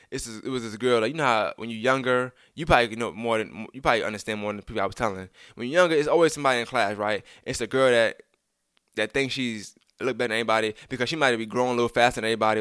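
A young man tells a rambling personal story at a fast clip, circling back with restarts and asides to his listener. He slips into animated versions of the people he quotes. The sound is dry and close, with no room around it. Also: mid-range voice, no echo. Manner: animated acting out of quoted lines. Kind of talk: casual storytelling.

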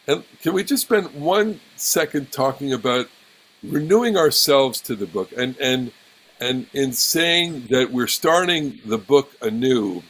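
A man's voice: medium pitch, expressive, poor audio. A man, a rabbi hosting a casual discussion, speaking with feeling and frequent restarts. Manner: warm, emotional, halting restarts. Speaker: rabbi, podcast host. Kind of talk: casual chat.

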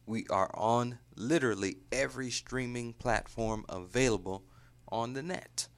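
A man's voice: medium pitch, measured pace. A man hosting a podcast, earnestly thanking listeners and urging them to share the show. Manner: earnest, hype-man sign-off. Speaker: podcast host. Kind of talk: podcast outro address.

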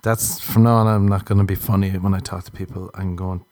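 A man's voice: deep voice, level tone, a little fast, darkish tone, no echo. A young Irish man rambling through crude, jokey stories in a casual comedic monologue. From Ireland.

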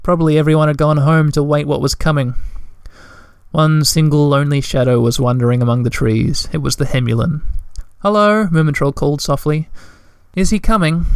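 Smooth-voiced man reading a storybook. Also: mid-range voice, darkish tone, no room sound, studio quality. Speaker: narrator.

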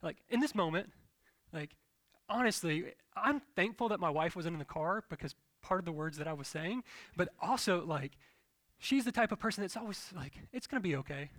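A young man preaches with a bright, fairly high and forceful voice. He tells his story in an animated, self-deprecating way, joking with the room. The recording is dry and close, with no room sound. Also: moderate pace, no room sound. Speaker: pastor. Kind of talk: sermon.

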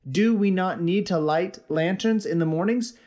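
Brief: raving madman, urgent questions, pitched up high, read by a male preacher. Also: moderate pace, a little mellow, natural voice. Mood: frantic.

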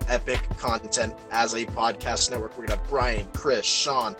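A man from the United States hosting a podcast, talking in an animated, gushing way and plugging social media. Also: mid-range voice, normal speed, over music. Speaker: podcast host. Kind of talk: excited podcast chat.

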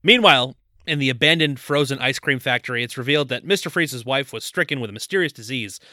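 A man's voice: medium pitch, fast, bright, forceful tone, dry recording, studio quality. A man co-hosting a podcast, riffing sarcastically on a movie and acting out jokey voices for its characters. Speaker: podcast co-host. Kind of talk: casual movie-riffing chat.

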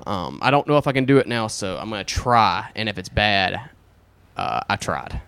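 A man's voice: fairly low pitch, very animated, moderate pace, gravelly, fairly bright tone, smooth, no room sound. A man hosting a casual chat podcast, talking in a rambling, profane way. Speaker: podcast host.

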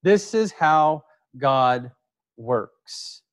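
A man preaching a sermon, emphatic and repetitive, dropping his voice low for quoted words. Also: takes it slowly. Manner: emphatic, repeats key words, drops low for quoted lines. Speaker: pastor.

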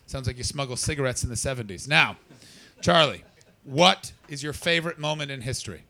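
Brief: male stand-up doing crowd work, gravelly edge, swearing, needling the audience. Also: mid-range voice, brisk, bright, forceful tone. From Canada. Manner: brash, profane, teasing. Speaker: stand-up comedian.

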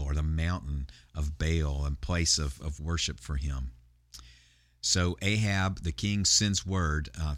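A man's voice: sits low, fairly bright tone, dry recording. A male pastor retelling a Bible story in a sermon, talking conversationally with frequent fillers and restarts.

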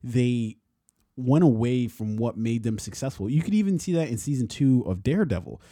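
A man's voice: mid-range voice, animated, normal speed, mellow, no room sound, clean studio sound. A man co-hosting a podcast in casual, profane chat, rambling and laughing often. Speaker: podcast co-host.

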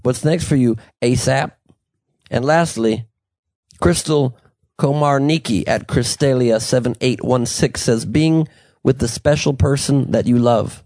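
A man's voice: mid-range voice, unhurried, a little mellow, no room sound. A man hosting a podcast, joking and rambling through casual banter with his co-host.

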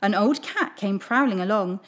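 A woman hosting a children's story show, reading a storybook aloud in an expressive, animated way. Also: medium pitch, moderate pace. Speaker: children's story reader, host.

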